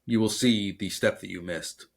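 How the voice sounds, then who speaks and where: A man co-hosting a casual software podcast who explains by acting out example exchanges and telling jokes. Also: on the low side, normal speed, creaky. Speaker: podcast co-host. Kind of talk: casual conversation about software.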